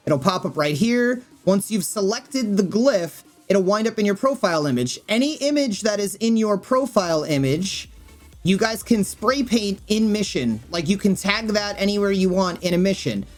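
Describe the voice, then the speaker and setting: A woman's voice: mid-range voice, lively intonation, moderate pace, faint music behind. A woman streamer walking viewers through game settings in a rambling, casual way, often thinking aloud with fillers. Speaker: gaming streamer and YouTuber.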